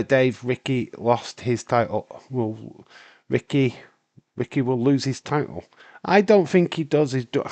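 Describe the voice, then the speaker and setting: Man, hoarse, breaking voice, rambling stream host, low pitch, dry sound. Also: darkish tone, no room sound. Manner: rambling, answers viewer comments, many restarts. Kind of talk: casual live-stream chat.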